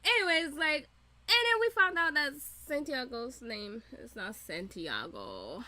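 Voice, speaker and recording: A woman vlogger recapping a TV episode in a casual, profane, animated way, often breaking into laughter. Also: sits high, unhurried, slight background noise. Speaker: reaction vlogger. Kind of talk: casual show recap and reaction.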